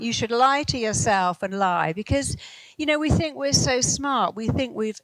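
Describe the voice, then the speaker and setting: Lively woman telling anecdotes. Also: high-pitched, moderate pace, dry recording, poor audio. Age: 50s. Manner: animated storyteller acting out quoted voices. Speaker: hypnotherapist and speaker. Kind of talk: motivational talk with anecdotes.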